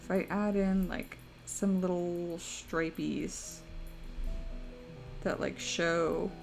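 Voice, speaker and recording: A woman's voice: fairly low pitch, steady tone, extremely slow, gravelly, faint music behind. A young woman streaming live, chatting casually and rambling through stories, often breaking into laughter. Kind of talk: casual chat to a live audience.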